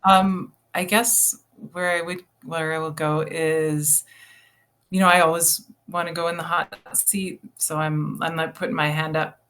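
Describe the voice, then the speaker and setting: Laid-back lady guest, low voice, laughs a lot, on a video call. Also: little pitch movement, a little slow, fairly bright tone. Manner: easygoing, laughs often. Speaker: podcast guest. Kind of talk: casual chat.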